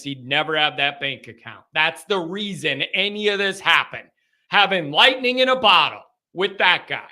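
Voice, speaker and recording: A man hosts a live call-in sports show in a high, forceful voice. He talks bluntly and rants with heat. His tone is sharp and direct. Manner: blunt, heated ranting. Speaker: show host.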